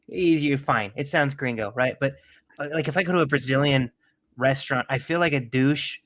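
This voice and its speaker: A man's voice: mid-range voice, fairly quick, fairly bright tone. Rambling, profane man chatting. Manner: rambling, profane, joking asides. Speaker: podcast host. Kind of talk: casual livestream chat.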